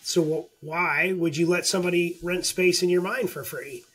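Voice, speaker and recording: A man's voice: sits high, fairly even intonation, moderate pace, a bit bright, slightly rough. An older man co-hosting a podcast, giving frank advice in casual chat and calling his co-host out. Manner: coaching, calls the other host out.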